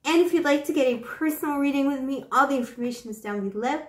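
High-pitched and quick, a woman chats through a tarot reading for the camera in an echoey room. Her manner is warm and talkative, peppered with "you know," and she's slightly short of breath.

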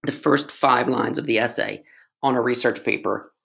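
A man with a gravelly, fry-edged voice of middling pitch teaches a casual grammar lesson. He talks to his students directly and teases himself along the way. His delivery is loose and playful. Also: moderate pace, fairly bright tone. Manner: playful, self-joking, asides to students. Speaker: English tutor.

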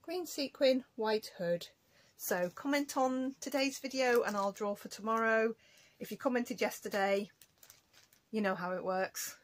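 A woman's voice: fairly high pitch, unhurried, low-quality recording. A woman chatting casually to camera as a cross-stitch vlogger, rambling and self-deprecating at home.

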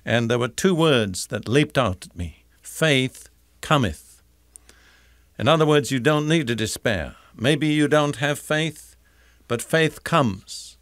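An older man teaching the Bible in a deliberate, emphatic sermon style, repeating key phrases. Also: medium pitch, animated, fairly bright tone, no echo, clean studio sound.

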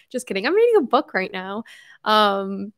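Very animated and fairly bright in tone, this young adult woman's mid-range voice carries a casual home livestream. She chats effusively, reads viewer messages aloud, and peppers in quick asides and self-corrections.

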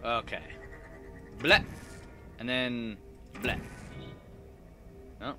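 A young man giving casual, swear-heavy commentary while playing a video game, excitable and prone to sudden loud yelps. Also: mid-range voice, slow pace, long pauses, faint music behind. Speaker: let's play gamer.

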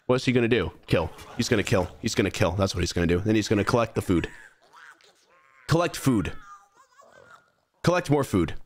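A man's voice: fairly high pitch, a bit bright. A young man streaming a game, animatedly bossing his creatures around as he plays. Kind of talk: live gameplay commentary.

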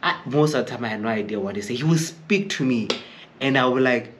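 Male vlogger, mid-pitched, chatty storyteller who mimics others, faint background hiss. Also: expressive, fairly quick. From Eastern Free State, South Africa. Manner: chatty, rambling, acts out quoted people. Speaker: chef vlogger. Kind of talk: casual storytelling to camera.

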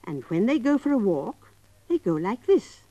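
A woman narrating a story for young children in a gentle, coaxing way, talking straight to them. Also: mid-range voice, sing-song, normal speed, no echo.

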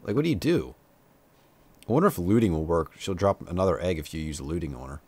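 This young man talks fast in a low, somewhat dark, animated voice while commentating on a video game. It's casual let's-play banter, self-mocking and talkative, punctuated by sudden shouts at enemies.

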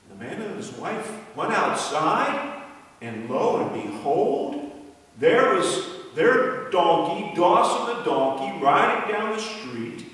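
A man preaching a children's sermon, telling a story in an animated way and then praying. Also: sits high, slow pace. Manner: animated storyteller, voice rising for quoted characters. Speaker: pastor. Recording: echoey hall from far off.

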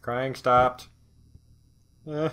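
A man's voice: mid-range voice, fairly even intonation, drawn-out words, fairly bright tone, smooth. A man commentating a horror game as he plays, with profane, snarky reactions. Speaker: gaming video host.

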